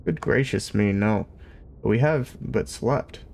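A man voicing a polite, wistful old alien man who speaks slowly and vaguely. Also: fairly low pitch, creaky, heavily acted. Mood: mild rambling. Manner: slow, polite, gently rambling.

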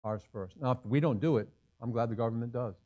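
A man's voice: mid-range voice, quick pace, warm tone. A male pastor preaching a sermon in a conversational way, asking the congregation rhetorical questions. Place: church sanctuary.

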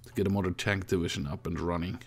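A man's voice: deep voice, fairly even intonation, quick pace, husky. A man with a Russian accent chatting casually while playing a strategy game with a friend, thinking aloud as he goes. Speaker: gamer. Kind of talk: casual gaming chat.

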